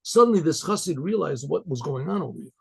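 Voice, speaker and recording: A man's voice: a little high, lively intonation, fast talker, vocal fry, a little mellow, breathy edge. A male rabbi telling a folk story in a loose, conversational way, restarting his sentences often.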